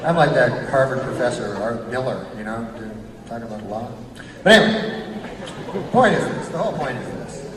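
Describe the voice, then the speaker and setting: A man doing a rambling stand-up routine, deadpan and halting, recorded from far off in a roomy club with a laughing audience. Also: mid-range voice, background noise. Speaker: stand-up comedian. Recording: roomy club sound from far off with loud crowd.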